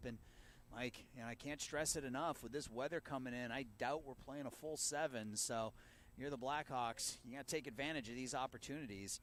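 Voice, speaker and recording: Man calling high school baseball outdoors. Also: fairly quick, a little hiss or hum. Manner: steady, rising sharply on big plays. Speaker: play-by-play announcer. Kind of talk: baseball play-by-play commentary.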